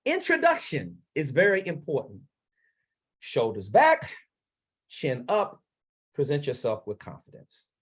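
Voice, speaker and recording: A man from Maryland coaching public speakers on a livestream, emphatic and blunt, with dramatic pauses and sudden swings from soft to loud, on a lavalier mic. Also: a little high, wildly swooping pitch, vocal fry, husky. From Maryland, United States.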